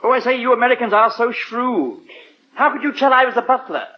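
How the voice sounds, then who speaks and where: An actor playing a prim English butler with dry wit, speaking formally and deferentially in a radio sitcom. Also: male voice, very high-pitched, expressive, a little fast. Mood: polite, sly. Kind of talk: 1940s radio sitcom acting. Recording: muffled old radio recording, faint hiss.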